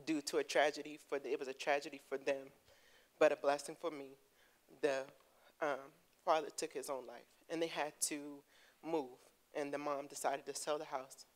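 A woman giving a heartfelt personal testimony to her church, earnest and quick to laugh. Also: deep voice, rough recording. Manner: earnest, laughing, breaks into excited storytelling. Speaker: congregation member giving testimony. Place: church sanctuary.

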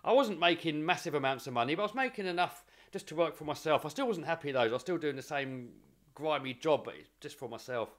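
A man's voice: a little high, animated, fast. Earnest young man telling his story. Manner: earnest, repeats words while building momentum. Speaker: vlogger. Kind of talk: casual motivational storytelling.

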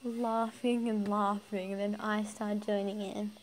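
A woman's voice: medium pitch, level tone, measured pace, poor audio. A young woman reading a fan story aloud, breaking off to giggle and comment, often stumbling over words. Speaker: fan fiction reader.

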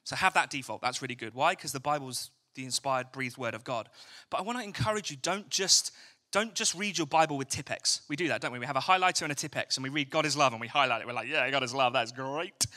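Bright-voiced English preacher. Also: male voice, mid-range voice, fast. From England. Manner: chatty, jokey, asks the crowd questions. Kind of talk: evening church sermon. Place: church hall.

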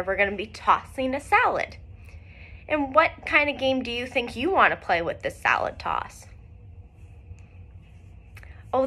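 A woman teacher leading a recorded phonics lesson for young children, speaking clearly and encouragingly with frequent praise. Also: fairly high pitch, bright, forceful tone.

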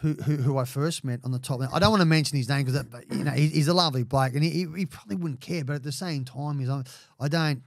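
An Australian man in his forties, guesting on a podcast, tells stories fast in a slightly high, gravelly voice. His casual storytelling rambles and swears, full of "mate" and restarts, recorded in studio quality with no echo.

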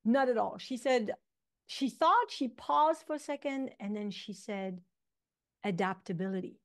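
A woman in her fifties, an acupuncturist guest, chatting casually and telling animated stories in which she acts out what people said. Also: high-pitched, a little slow. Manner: animated storyteller, acts out quotes. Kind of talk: casual interview chat.

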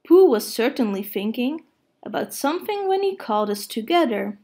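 A woman's voice: on the high side, very animated, moderate pace, warm tone. A woman reading the lines of a gloomy old donkey in a children's story, dry and mournful. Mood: glum. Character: gloomy old male donkey, slow and glum.

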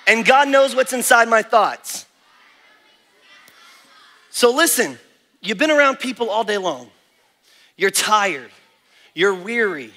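Energetic male kids-camp preacher, high and bright, long hall reverb. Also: slow, long pauses. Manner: animated, energetic, acts out little prayers in different voices. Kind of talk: lively preaching to children. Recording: echoey hall with faint music.

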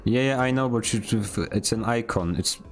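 A man's voice: medium pitch, moderate pace, soft background music. A man streaming a video game, chatting casually with playful, mock-dramatic complaints and outbursts. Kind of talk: casual gaming commentary.

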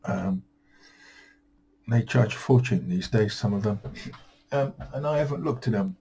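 A man's voice: on the low side, expressive, a little slow, dark tone, slight background noise, rough recording. A tired man rambling through a home vlog, weary and self-deprecating, grumbling at himself. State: tired, yawning. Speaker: vlogger.

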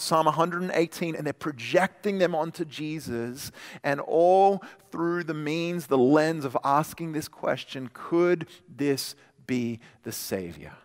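A male pastor preaching a sermon in a conversational way, stumbling and restarting, then dropping soft and quiet for scripture. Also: fairly high pitch, vocal fry. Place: church sanctuary. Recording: long church hall reverb.

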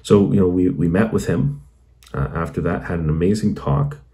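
Telling his own conversion story for his channel, this host has an extremely deep voice with a dark, mellow tone. He speaks at a moderate pace in an earnest, meandering way, leaning often on "you know."

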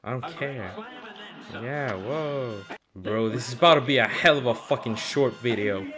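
A young man commenting on his own gameplay, cursing a lot and swinging between angry yelling and low muttering. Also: measured pace. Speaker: gaming channel host.

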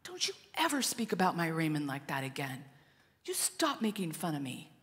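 A woman's voice: sits low, wildly swooping pitch, moderate pace, fairly bright tone, heavily acted. A woman voicing a fierce, grieving mother of 84 who scolds sharply, recorded with long church reverb. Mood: indignant. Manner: indignant, scolding.

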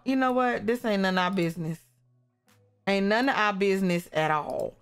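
Smooth and mid-range, this woman's voice keeps a moderate pace over faint background music as she casually comments on a life-simulation game. A gaming YouTuber, she speaks animatedly to the characters and exclaims at what they get up to.

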